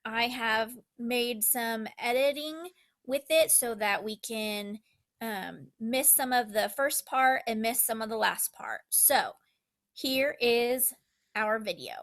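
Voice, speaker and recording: A woman teacher calmly explaining an assignment to her class, step by step. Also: fairly high pitch, slow, no echo, rough recording. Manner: calm, explanatory, addresses students. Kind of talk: classroom instruction video.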